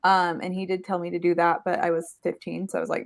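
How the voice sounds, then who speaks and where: A woman's voice: lowish voice, level tone, fast, creaky. A woman hosting a casual live show, chatty and laughing often. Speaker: host.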